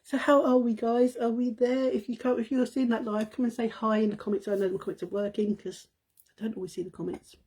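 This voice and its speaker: A middle-aged woman chats to her live audience, breaking into giggles as she recounts a family moment. Her voice is soft and mellow, with a slightly husky, breathy edge. She talks in an easygoing, rambling way. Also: on the high side, flat delivery, fast talker. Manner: giggly anecdote telling, laughing often. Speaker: live stream host. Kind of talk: casual chat on a live stream.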